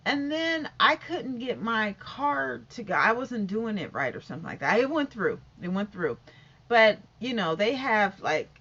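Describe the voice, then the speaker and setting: A middle-aged woman vlogger spins a casual story-time tale, her fairly high voice leaping up and down as she acts out each exchange. She rambles, circling back with fillers and restarts. The sound is muffled and lo-fi. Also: measured pace. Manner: animated storytelling, acting out exchanges. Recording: dull lo-fi audio.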